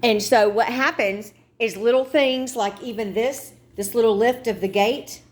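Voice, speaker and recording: A woman's voice: a little high, a little slow. A middle-aged woman, chatting frankly to her viewers in a casual vlog and venting her frustrations. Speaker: vlogger. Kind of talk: casual chat to camera.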